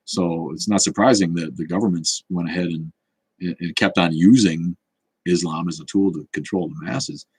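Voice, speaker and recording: A man's voice: sits low, moderate pace, darkish tone, slightly rough, no room sound. A man hosting a casual livestream chat, answering comments in a rambling, blunt and profane way. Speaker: show host.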